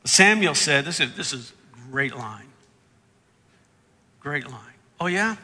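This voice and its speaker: A man preaching a sermon, reading scripture and acting out the characters' lines with big jumps in pitch and loudness. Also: expressive, slow pace, slightly rough, in a large hall. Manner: acts out the Bible characters' lines with big swings in pitch and volume. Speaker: pastor.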